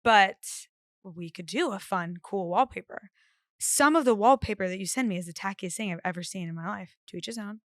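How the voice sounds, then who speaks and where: A woman's voice: mid-range voice, normal speed, fairly bright tone, no room sound. A pregnant young woman co-hosting a podcast in a studio, chatting animatedly and teasing her partner. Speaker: podcast co-host. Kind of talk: casual chat.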